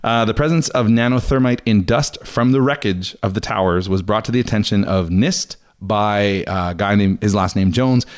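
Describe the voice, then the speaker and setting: A young man with a lowish voice hosts a podcast, speaking at a normal speed with hardly any pauses. He's chatty and laughs frequently while reading out articles, giving the quotes a mocking voice.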